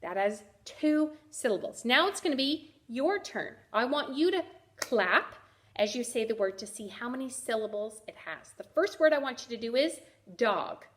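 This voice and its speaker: A woman teacher giving a first-grade reading lesson, sounding out letters clearly and praising the children. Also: a little high, expressive, normal speed, fairly bright tone. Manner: encouraging.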